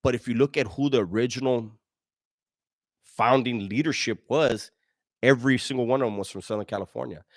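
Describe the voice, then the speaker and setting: A man's voice: medium pitch, a little fast, no room sound, clean studio sound. A middle-aged man hosting a live stream, reading and answering chat in blunt, profane street slang with frequent restarts. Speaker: livestream host answering chat.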